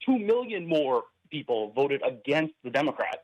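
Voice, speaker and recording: A man's voice: on the high side, very animated, normal speed, no echo, lo-fi sound. A man calling into a talk show, hesitant and defensive, stumbling over his words. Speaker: caller. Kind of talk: phone-in argument.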